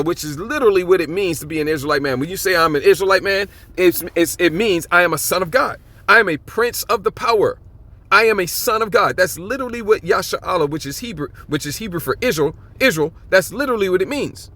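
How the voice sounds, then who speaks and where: Emphatic man teaching scripture, bright tone. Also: sits high, lively intonation, no echo. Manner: emphatic, repeats "okay?" often; reads scripture aloud slowly and stretched out. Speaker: Bible teacher.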